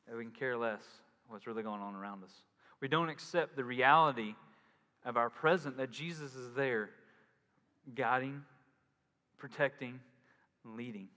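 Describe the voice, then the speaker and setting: A male pastor delivers a sermon in an easygoing, conversational way, dropping into little acted-out voices for the people he quotes. His voice sits in a middle pitch range. It rings with the long reverb of a large hall. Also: sharp tone.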